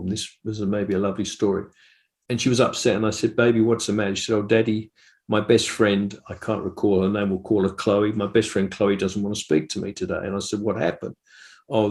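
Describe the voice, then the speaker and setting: Deep gravelly man telling stories. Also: darkish tone. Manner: earnest anecdotal storyteller, acts out quoted voices. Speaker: interview guest. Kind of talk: storytelling in an interview.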